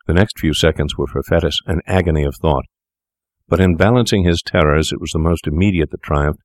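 Deep-voiced man narrating gravely. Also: no room sound, clean studio sound. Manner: measured, grave storytelling. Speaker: audiobook narrator. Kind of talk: scripted narration.

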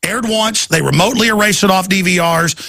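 Raspy gravelly ranting man. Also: high-pitched, fairly quick, sharp tone, no echo. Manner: urgent, ranting, mocking put-on voices. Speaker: radio host. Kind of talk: talk radio monologue.

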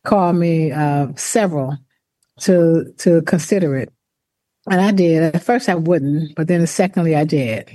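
A woman telling her story in an interview, speaking deliberately, with restarts and the odd laugh. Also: sits low, dark tone, no echo. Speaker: former university president, author. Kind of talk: interview, personal account.

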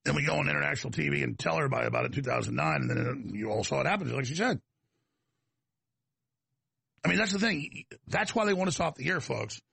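A man's voice: fairly high pitch, expressive, fast talker, creaky, bright, forceful tone, breathy edge, no echo. A man with a Texas accent delivering a combative, emphatic talk-show monologue to his audience.

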